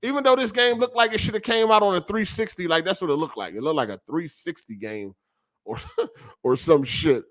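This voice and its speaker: A man hosting a gaming podcast stream vents his frustration in a casual, profane rant full of swearing and slang. His voice is high-pitched, brisk and a bit bright, coming through a streaming setup over a weak connection.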